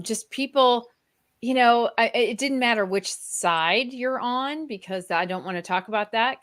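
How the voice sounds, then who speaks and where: A woman with a Midwestern accent co-hosting a casual podcast, talking in a slow, meandering way and laughing often. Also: medium pitch, a bit bright, clean tone. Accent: Kansas City, Midwestern US. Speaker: podcast co-host. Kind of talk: casual chat.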